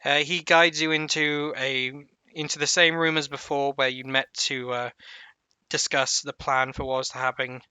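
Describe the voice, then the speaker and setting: A man narrating a tabletop game as game master in an unhurried, halting descriptive way. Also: mid-range voice, level tone, bright, forceful tone, clear, resonant tone, no echo.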